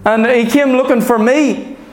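A man's voice: extremely high pitch, fairly even intonation, a little slow. A man preaching a sermon, earnest and emphatic, repeating his points and asking "Okay?" and "Amen?". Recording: echoey room.

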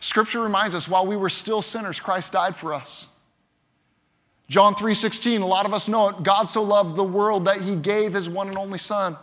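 High-voiced man preaching a lively sermon. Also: moderate pace. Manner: animated preaching, acts out quoted voices. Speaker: pastor.

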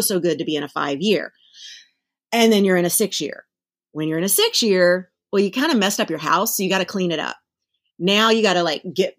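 A woman on a podcast, explaining numerology with lively, playful metaphors in casual chat. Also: lowish voice. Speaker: numerology guest.

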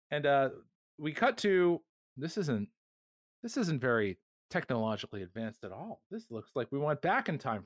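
A young man co-hosting a podcast, retelling a TV episode in casual chat and mocking the characters with quick put-on voices. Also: mid-range voice, no room sound, studio quality. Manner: animated, acts out characters mockingly while retelling. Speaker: podcast co-host.

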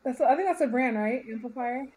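A woman who founded a company, chatting as an interview guest, upbeat and quick to laugh. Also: sits high, darkish tone, poor audio. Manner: cheerful, laughs often, upbeat. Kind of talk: casual interview chat.

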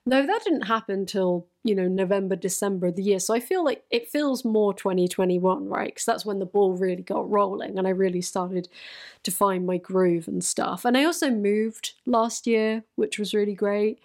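Young woman, casual vlog chat, laughs at herself, mid-pitched voice. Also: normal speed, a little mellow. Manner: chatty, self-deprecating, laughs often. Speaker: YouTuber.

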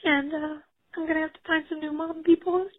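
Caller: high-voiced woman in her thirties, tearful and rambling, heard over a tinny phone line. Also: flat delivery, a little fast. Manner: tearful, rambling, laughing through tears. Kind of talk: emotional voicemail message.

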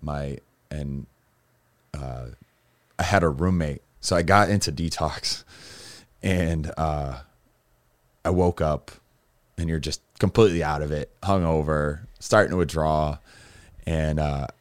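A man's voice: very deep voice, slow pace, long pauses. A man telling his own story as a guest, rambling and candid, with lots of restarts and fillers. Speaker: guest recounting his recovery.

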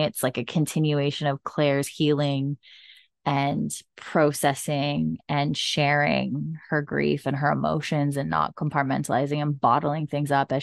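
Low-voiced chatty woman podcast host. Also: gravelly, dry recording, clean studio sound. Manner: gushing, chatty, full of fillers. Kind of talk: casual chat recap.

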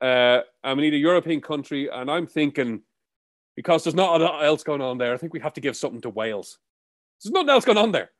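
A man's voice: fairly high pitch, lively intonation, fast. A young Irish man co-hosting a podcast in casual, jokey chat, laughing often and swearing freely. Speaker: podcast co-host.

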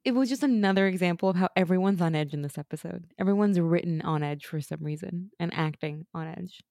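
A woman's voice: lowish voice, fast, creaky, darkish tone, no room sound, studio quality. A woman co-hosting a casual podcast, talking through a TV episode with strong opinions, frequent laughs and the odd swear word. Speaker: podcast co-host. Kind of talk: casual rewatch chat.

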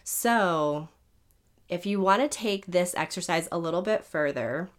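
A woman's voice: fairly low pitch, unhurried. Scratchy-voiced woman podcast host. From United States. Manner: warm-hearted and chatty, with fillers like "like" and "um". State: scratchy, strained voice. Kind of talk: casual podcast outro.

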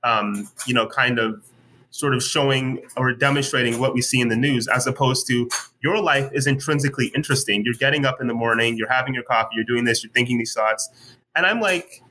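Guy with a bright voice thinking out loud in an interview, lots of ums and restarts. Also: mid-range voice, fairly quick, low-quality recording. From United States. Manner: thoughtful, searching, many fillers and restarts. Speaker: guest writer. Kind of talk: casual conversational interview.

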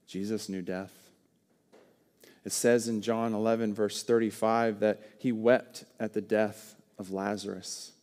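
A man preaching a sermon, earnest and shifting between loud and soft for emphasis. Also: lowish voice, flat delivery, measured pace. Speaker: pastor.

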